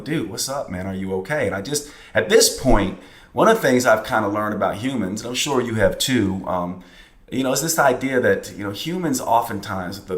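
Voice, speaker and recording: A man's voice: lowish voice, reverberant. A man hosting a podcast, telling a personal story in a casual, reflective way with plenty of fillers and restarts. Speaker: podcast host.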